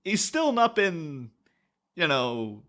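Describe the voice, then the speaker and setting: A man's voice: on the high side, very animated, slow, fairly bright tone. A man co-hosting a podcast, chatting casually, laughing often and acting out quotes as he tells a story. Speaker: podcast co-host. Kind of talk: casual chat.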